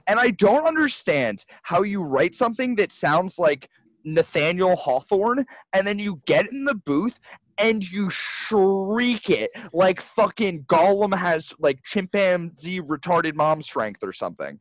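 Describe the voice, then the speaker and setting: A man talking fast and loose as a podcast co-host, excitable and quick to swear, stumbling over restarts. His voice sits at an ordinary pitch. The sound is dry and a little muffled. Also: no echo. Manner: excitable, profane, rambling with restarts. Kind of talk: casual chat.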